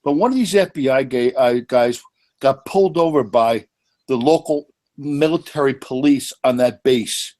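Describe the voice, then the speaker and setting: Profane New man, animated. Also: medium pitch, normal speed. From New York. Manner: animated, profane, frequent restarts. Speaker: panelist. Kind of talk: casual chat.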